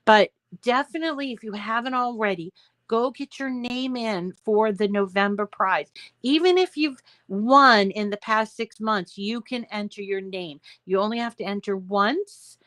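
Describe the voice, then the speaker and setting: A woman's voice: medium pitch, unhurried, fairly bright tone, dry recording. A middle-aged woman, chatting casually with live viewers as a craft show host, rambling and reading out comments.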